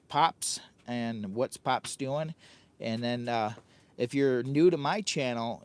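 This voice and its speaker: Chatty older man camping in a tent. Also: medium pitch. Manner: chatty, repeats himself, talks about himself in the third person. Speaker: camping livestream host. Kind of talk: casual livestream chat. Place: hot tent outdoors on a windy day.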